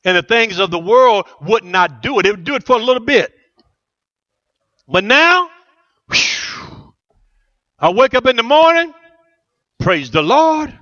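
A man's voice: very high voice, animated, unhurried, long pauses, pushed and bright, muffled recording. A middle-aged man preaching a rousing sermon as pastor, asking the church questions and answering them.

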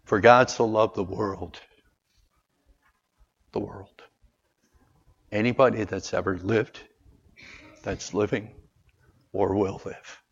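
A man preaching a sermon, calling out for amens and moving between loud, raised lines and quiet, earnest asides. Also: on the low side, steady tone, slow pace, gravelly, long pauses, breathy edge. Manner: calls for amens from the congregation. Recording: dull lo-fi sound.

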